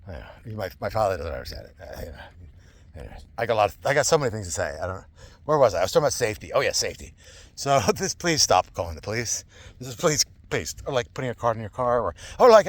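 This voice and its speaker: Husky, animated man rambling to camera. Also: mid-range voice. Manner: animated, digressive, laughs often, repeats himself. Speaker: vlogger.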